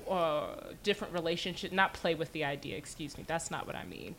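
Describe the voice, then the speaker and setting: A woman's voice: deep voice, sing-song, brisk, gravelly, fairly bright tone. Thoughtful woman podcaster, faint hiss. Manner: thoughtful, hesitant, many fillers and self-corrections. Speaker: podcast co-host. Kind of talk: casual chat. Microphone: video call.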